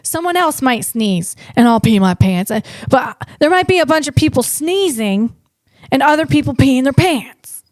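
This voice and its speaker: A woman with a high voice rambles through a comic podcast monologue, restarting her sentences as she goes. The sound is dry and close, with no room around it. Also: moderate pace, no room sound. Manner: rambling, animated, with frequent restarts. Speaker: comedian podcast host. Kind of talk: comedic monologue.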